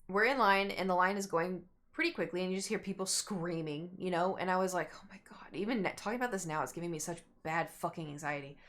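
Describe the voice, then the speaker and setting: Young woman streamer, rambly casual storytelling, does little voices for quotes. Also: fairly low pitch. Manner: animated, rambling, acts out quotes.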